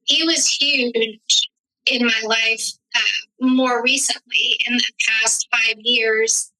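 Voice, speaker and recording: A woman's voice: fairly high pitch, steady tone, slow pace, pushed and bright, low-quality recording. A woman, a stage actress and director, recalls her mentors on a podcast in a reflective, storytelling way. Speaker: actress, writer and director guest. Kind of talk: podcast interview.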